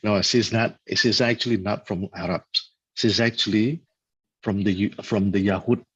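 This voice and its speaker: Very low, husky-voiced man telling stories. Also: fairly even intonation, a bit bright, no echo. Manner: conversational, halting, often checks in with "right?". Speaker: religious talk speaker. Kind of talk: casual religious storytelling talk. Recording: dull lo-fi dry recording.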